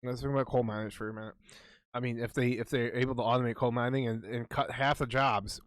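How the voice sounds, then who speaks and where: A man co-hosting a podcast, talking casually, swearing constantly and rambling excitably. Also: mid-range voice, fast. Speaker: podcast co-host. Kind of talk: casual chat.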